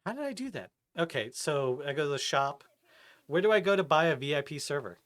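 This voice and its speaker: Male streamer, bright and lively, chatty game-stream delivery, reads chat aloud. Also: on the high side, brisk. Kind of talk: casual live-stream chat while gaming.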